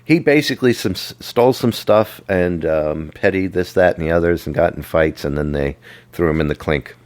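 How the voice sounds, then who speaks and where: A man with a very low voice, talking casually on a movie podcast. He meanders through the story and makes fun of himself as he goes. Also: a little mellow. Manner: rambling, self-mocking recap with quick jokes. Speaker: podcast co-host.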